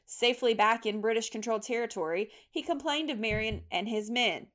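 Woman narrating history with a higher voice. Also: brisk, a bit bright. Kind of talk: scripted narration.

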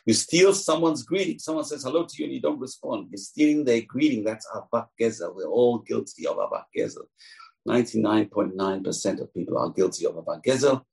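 A man's voice: mid-range voice, brisk, gravelly, husky, rough recording. A man teaching a Torah lesson as a rabbi, telling stories and acting out the voices in them. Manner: animated teller, acts out quoted voices.

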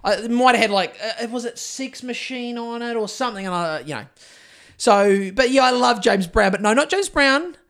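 A man's voice: very high voice, animated, moderate pace, gravelly, a bit bright. A man with a New Zealand accent, co-hosting a podcast in casual chat, rambling and swearing freely as he tells stories. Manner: profane, rambling storyteller. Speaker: podcast co-host.

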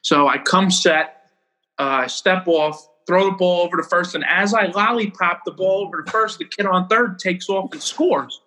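Young male ballplayer guest, slightly high, bright, rambling storyteller. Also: rough recording. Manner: rambling, animated, quick to laugh at himself. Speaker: baseball pitcher guest. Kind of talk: casual storytelling interview.

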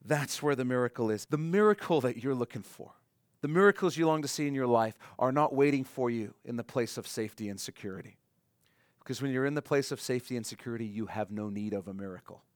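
A man preaching a sermon with earnest conviction. His pitch sits mid-range, and he slows and quiets down to land each key point. The sound is close and dry, with no room echo. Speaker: pastor.

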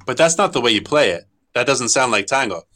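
A man's voice: medium pitch, animated, fairly quick, over loud music. A middle-aged man, a tango guitarist and teacher, answering interview questions thoughtfully with frequent restarts.

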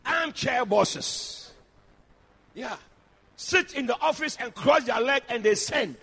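A male preacher delivers a fiery church sermon, his voice high and bright. He swings his pitch widely and often breaks into shouts, with a husky edge. He speaks straight to the congregation. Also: slow pace. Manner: shouting, animated, addressing the congregation directly.

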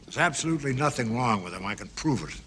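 An actor playing a confident elderly rich broker, who speaks in an assured, lecturing way. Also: male voice, mid-range voice, animated, quick pace, natural voice. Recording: film clip with background noise.

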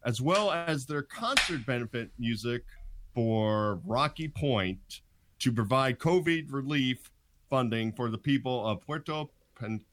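A man's voice: mid-range voice, expressive, a little slow, fairly bright tone, slight background noise. A man from Georgia co-hosting a casual podcast, making dry jokes and reading guest introductions with a few stumbles. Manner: dry joking, reads introductions stumbling over names. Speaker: podcast co-host.

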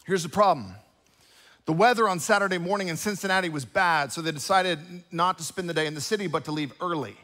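A man in his thirties preaching a sermon to a congregation, talking casually and telling animated stories with frequent asides to the listeners. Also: high voice, a little fast. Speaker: pastor. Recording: long hall reverb.

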